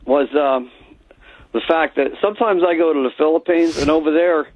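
A man's voice: a little high, normal speed, no echo. A man calling in to a radio show, speaking hesitantly with fillers and restarts. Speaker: caller. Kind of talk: call-in phone chat. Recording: tinny phone line.

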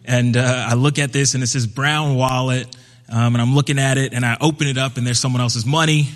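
A young man from Brooklyn tells a personal story on stage, at an easy, conversational pitch in the middle range. When he quotes other people, he pops up into higher, livelier voices. His voice rings out with the long reverb of a big hall. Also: steady tone, a little fast. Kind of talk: live storytelling performance.

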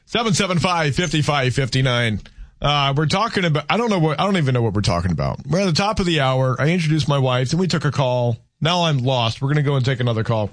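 A man's voice: mid-range voice, animated, quick pace, no echo. Rambling male radio talk host. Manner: rambling, self-deprecating. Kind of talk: casual call-in radio chat. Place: radio studio. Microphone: studio mic.

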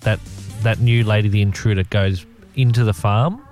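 A man on a radio show, giving a steady, matter-of-fact rundown of reality TV news. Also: fairly low pitch, moderate pace, soft background music. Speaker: radio co-host presenting TV news. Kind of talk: casual radio chat.

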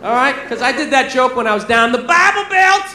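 A man doing a rambling, confessional stand-up set who bursts into shouting now and then. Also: very high-pitched, expressive, fairly quick. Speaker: stand-up comedian. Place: comedy club stage. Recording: roomy live club with crowd laughter.

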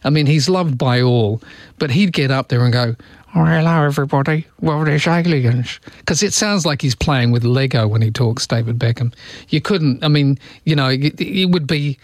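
A man hosting a radio show, bantering casually and slipping into quick celebrity impressions. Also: medium pitch, lively intonation, no echo, clean studio sound. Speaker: radio host. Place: radio studio.

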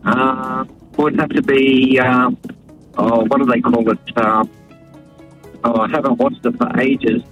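A man's voice: medium pitch, steady tone, a little slow, pauses often, faint music behind, close to an everyday voice. Australian man faking a nasal teenage son, hesitant, slightly muffled line. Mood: fumbling. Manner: hesitant, stalling with fillers.

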